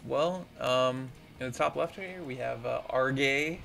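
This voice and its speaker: A man's voice: mid-range voice, a little slow, vocal fry, sharp tone, faint music behind. A man casually commentating an esports match, often hesitant and stumbling on his words. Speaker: esports caster.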